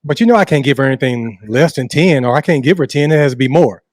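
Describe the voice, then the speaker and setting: A man's voice: mid-range voice, expressive, quick pace, dry recording, clean studio sound. A man co-hosting a sports talk podcast, joking and teasing in casual banter. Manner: playful, joking. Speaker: podcast co-host.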